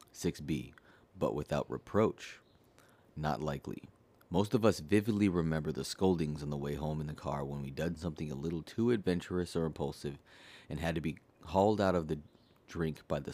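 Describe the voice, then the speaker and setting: A man with an extremely low, deep voice reads a self-help book aloud. His delivery is steady and earnest, and he poses each question directly to the listener. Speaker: audiobook reader.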